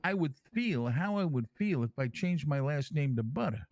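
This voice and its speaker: Male player as a swaggering, foul-mouthed mob king; rambling, animated talker, slightly high voice, dry sound. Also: moderate pace, no room sound. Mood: boastful. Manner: rambling storyteller, swears constantly, lively and animated. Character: brash crime-family man calling himself king, crude. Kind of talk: online role-play in character.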